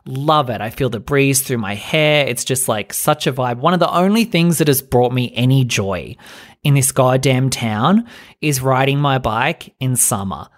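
A man's voice: medium pitch, animated, measured pace. A young man hosting a podcast, telling a story as a casual rant, chatty and exasperated, full of fillers and swearing. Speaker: podcast host.

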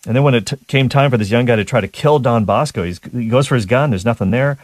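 A man hosting a talk radio show, telling stories in a casual, animated way with frequent restarts and small chuckles. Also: medium pitch, quick pace, no room sound. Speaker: radio host.

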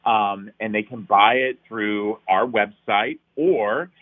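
A man's voice: lowish voice, slow. A middle-aged man, a nonprofit founder, telling his story in an interview with earnest, emphatic passion. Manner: earnest, emphatic, building to rousing peaks. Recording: tinny phone-like line.

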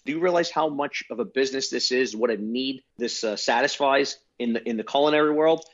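A man tells his story in casual interview answers, dropping in fillers as he goes. His voice sits at a medium pitch. The recording sounds a little dull. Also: a little fast. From New York. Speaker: company founder.

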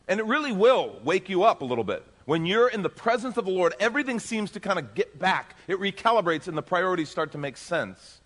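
A man preaching as a pastor, dropping to soft, hushed lines and rising to loud emphasis. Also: sits high, animated, brisk, hardly any pauses, long reverb tail. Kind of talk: sermon.

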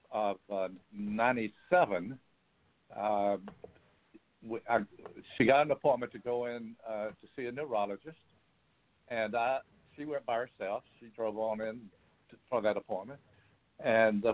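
An older man, an author, recounting a long personal story in an interview, halting and restarting often. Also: mid-range voice. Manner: halting, with many restarts and fillers. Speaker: author and guest. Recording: phone line.

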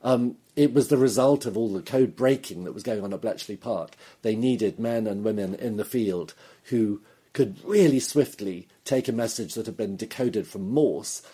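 A man's voice: fairly low pitch, normal speed, warm tone, slightly rough. A man, a novelist being interviewed, talking in a thoughtful, detailed way and laughing easily. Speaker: novelist guest. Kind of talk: interview conversation.

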